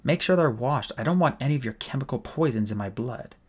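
A man's voice: mid-range voice, lively intonation, brisk, breathy edge. A man voicing a defiant, captive female elf captain who snaps out demands. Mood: demanding. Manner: demanding, snappy.

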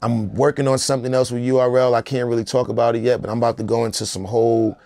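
A middle-aged man, a rapper, speaks in an interview with a gravelly, rough edge to his voice. He talks in a loose, emphatic, streetwise way. The sound is dry and close-miked. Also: medium pitch, level tone, fast talker, darkish tone, no echo. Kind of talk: casual interview talk.

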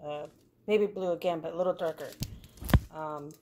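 A woman's voice: sits low, steady tone, moderate pace. A woman vlogger chatting casually through a crafting unboxing, rambling along with lots of fillers. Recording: loud crinkling packaging noise.

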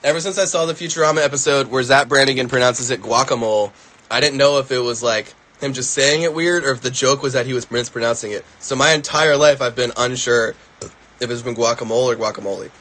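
A man's voice: medium pitch, brisk, a bit bright. A young man with a Philadelphia accent chatting casually and joking on a livestream, a little stuffy in the sinuses. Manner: rambling, joking, laid-back.

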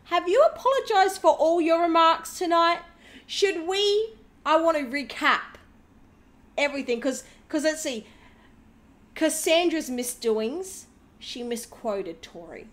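A woman's voice: very high voice, expressive, measured pace, a bit bright. A woman hosting a reaction video, talking in a sarcastic, indignant way. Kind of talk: reaction commentary.

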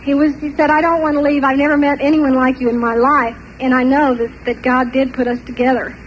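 An older woman telling a personal story in an animated way, often laughing between parts of it. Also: high voice, brisk, highs cut off, a little hiss or hum. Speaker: testimony speaker.

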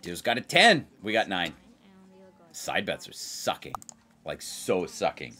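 A man hosting a blackjack video, chatting casually and excitedly as he plays. He repeats himself for emphasis and keeps talking straight to his viewers. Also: low-pitched, unhurried, a little hiss or hum. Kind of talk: casual chat while playing blackjack.

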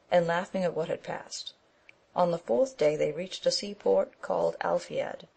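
A woman narrating an audiobook of an old romance in a steady, measured reading. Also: on the low side, creaky, rough recording. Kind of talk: scripted narration.

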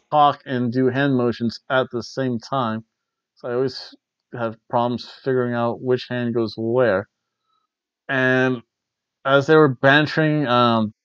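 A man's voice: medium pitch, steady tone, slow pace, pauses often, a bit bright, clear, resonant tone, dry recording, muffled recording. A man hosting a wrestling review show, rambling casually with wry asides on a cheap worn lapel mic. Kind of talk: casual chat.

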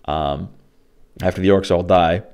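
A young man with a notably deep voice recounts a tabletop game session in a loose, rambling way. He piles on fillers and restarts, then jumps into animated quoted exchanges between players. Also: a little slow, vocal fry, clean tone. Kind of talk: casual storytelling recap.

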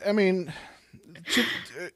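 A man's voice: high-pitched, slow, bright, forceful tone. A man hosting a podcast in a loose, rambling way, restarting his sentences as he thinks. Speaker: podcast host. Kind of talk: casual podcast chat.

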